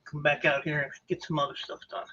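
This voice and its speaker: A man streaming himself taking apart e-waste, chatting in a rambling, offhand, self-mocking way, hoarse from talking for hours. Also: fairly high pitch, level tone, fairly quick, sharp tone, highs cut off. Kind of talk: casual livestream chat.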